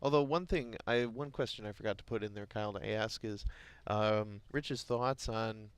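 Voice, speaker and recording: A man's voice: fairly low pitch, normal speed, clear, resonant tone, dry recording. A man co-hosting a morning market show, chatting and then reading news headlines with occasional stumbles and self-corrections. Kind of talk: casual chat and news reading.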